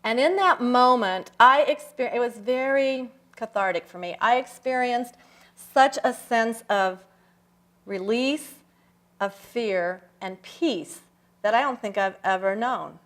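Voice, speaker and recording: An older woman speaks at a church service in a slightly high voice, recounting her experiences reflectively. She lets key words land with slow, emphatic pauses. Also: fairly bright tone. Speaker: guest speaker. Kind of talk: personal sermon talk. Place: church sanctuary.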